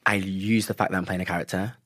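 A young man, a stage actor, chatting as a guest, telling quick animated stories full of slang. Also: low-pitched, dry recording, clean studio sound. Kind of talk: casual chat.

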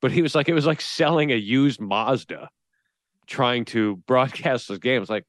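A man's voice: mid-range voice, moderate pace, no echo, clean studio sound. A man co-hosting a sports talk podcast, joking and teasing his co-host and reading out listener poll results.

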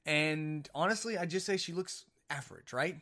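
A man's voice: a little high, normal speed, sharp tone. A man hosting a casual solo podcast, telling a rambling story full of jokes and self-mocking asides. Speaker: podcast host.

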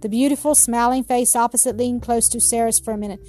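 A woman narrating a children's story in a gentle, measured reading. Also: fairly high pitch, fairly even intonation, soft background music.

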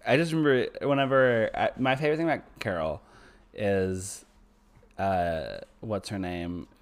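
A man co-hosting a podcast in casual chat, excitable, swearing and trailing off mid-sentence. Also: on the low side, measured pace. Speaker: podcast co-host.

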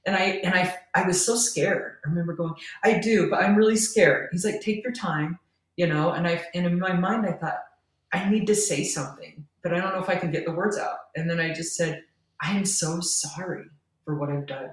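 She's a middle-aged woman guesting on a podcast, her voice on the low side and fairly quick as she earnestly tells a personal story. Laughter slips in between lines, and the audio sounds roomy and far from the mic.

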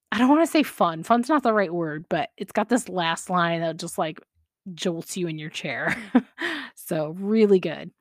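A chatty woman with a slightly low voice, talking casually as a podcast host. She laughs often and leans on fillers as she goes. The sound is close and dry. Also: dry recording. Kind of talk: casual chat about fan fiction.

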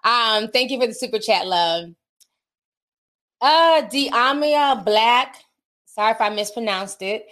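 A woman's voice: on the high side, expressive, slow pace, pauses often, a bit bright. Chatty, laughing woman livestreamer. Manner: chatty and candid, laughs often, slangy asides. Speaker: livestream host reading super chats. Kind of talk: casual livestream chat.

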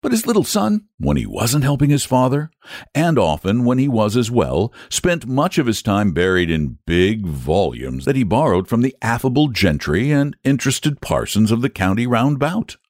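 A man reading a storybook aloud as narrator, in a measured, expressive storytelling manner. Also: medium pitch, no echo, studio quality.

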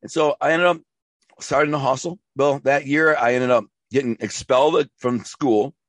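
A man's voice: medium pitch, fairly even intonation, moderate pace, dry recording. A man being interviewed, telling his life story in a rambling, emphatic way with slang and restarts. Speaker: interview guest.

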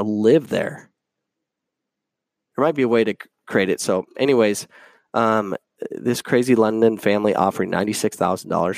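An opinionated man hosts his own show in a casual, emphatic rant peppered with fillers. His voice sits low with a gravelly fry. The sound is dry and close. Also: moderate pace, no echo. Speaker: podcast host.

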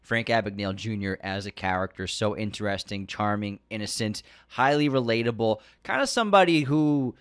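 A man's voice: fairly low pitch, a little fast, few pauses, smooth, dry recording, studio quality. A man casually discussing a film as a podcast co-host, enthusiastic as he lists and praises.

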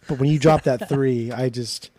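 A man's voice: medium pitch, steady tone, normal speed, dark tone, no room sound. A young man co-hosting a casual podcast, swearing freely and sounding exasperated as he jokes. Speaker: podcast co-host.

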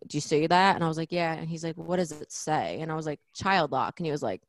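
A woman co-hosting a podcast, telling a story in a lively, casual way and mimicking the people in it. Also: sits low, fast talker, no room sound, studio quality. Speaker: podcast co-host. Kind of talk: casual chat.

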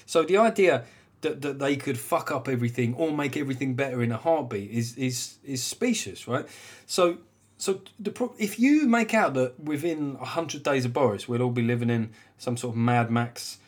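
Animated and speaking at a normal speed, a man in his forties hosts a podcast in a blunt, casual way. He curses plenty, keeps asking "right?", and his pitch leaps about restlessly when he stresses a point.

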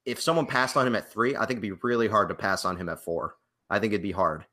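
A man's voice: lowish voice, animated, fast talker, bright, forceful tone. A young man co-hosting a casual live sports podcast, chatty and opinionated, laughing often. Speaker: podcast co-host. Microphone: webcam and computer mic.

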